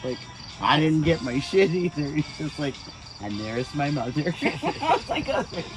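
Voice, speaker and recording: Animated woman in her sixties, lively storytelling. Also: deep voice, a little slow. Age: 60s. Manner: animated storyteller, acts out quoted voices. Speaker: mother telling family stories. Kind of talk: casual chat. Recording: noisy outdoor recording.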